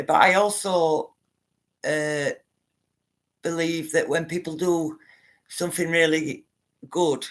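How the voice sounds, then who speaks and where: A woman hosting a casual livestream, chatting to her viewers in a rambling way and reading their comments aloud. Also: sits low. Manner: chatty, rambling, addresses viewers as guys and love.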